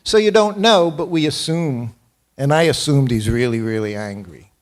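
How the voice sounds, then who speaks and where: A medium-pitched man's voice, a little slow, belongs to a man in his seventies giving a morning class in a temple hall. Chuckling often, he tells personal stories in a self-deprecating, anecdotal way.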